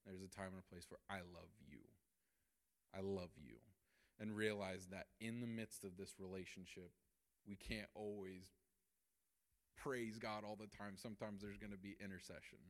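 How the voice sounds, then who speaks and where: A young man teaching a church Bible study lesson, energetic, laughing often and acting out quotes. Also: on the low side.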